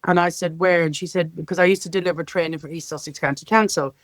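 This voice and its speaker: A middle-aged woman from Ireland, a care sector leader, telling lively stories as a podcast guest and acting out the dialogue in them. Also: on the low side, fast talker, no echo. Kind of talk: podcast interview storytelling.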